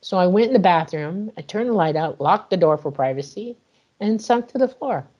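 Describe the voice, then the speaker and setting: A woman guest in an interview, retelling a personal experience in an animated way and acting out the dialogue. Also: lowish voice, normal speed, dull audio. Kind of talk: emotional personal storytelling.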